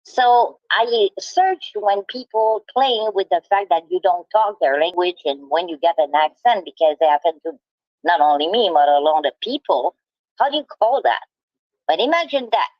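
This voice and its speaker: A woman in a heated monologue, talking in halting bursts with restarts and insults. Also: on the low side, lively intonation, no echo, muffled recording. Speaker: livestreamer.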